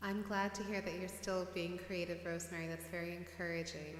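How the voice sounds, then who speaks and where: A woman musician chats casually between songs on her livestream, rambling and poking fun at herself. Her voice sits a little low. It rings out in a roomy space with a long reverb tail and a faint hum underneath. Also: level tone, fairly quick. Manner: chatty, rambling, self-deprecating, laughs often.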